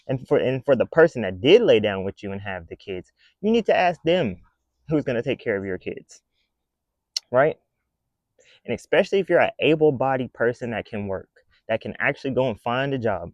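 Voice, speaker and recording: A man's voice: medium pitch, expressive, normal speed, dry recording, dull audio. A man talking to camera in a casual commentary rant, blunt, emphatic and scolding. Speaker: vlogger.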